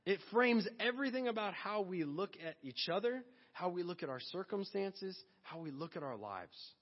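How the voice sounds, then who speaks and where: Male pastor, high voice, animated casual sermon with acted asides, muffled echoey church sound. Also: moderate pace. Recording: dull long-reverb hall sound.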